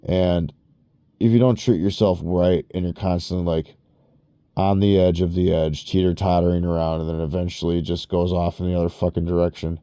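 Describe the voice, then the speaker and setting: Male vlogger, very low voice, dry close sound, rambling profane rants. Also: little pitch movement, a little fast, mellow, clear, resonant tone, dry recording. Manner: rambling, profane, self-interrupting. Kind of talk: rambling personal vlog rant.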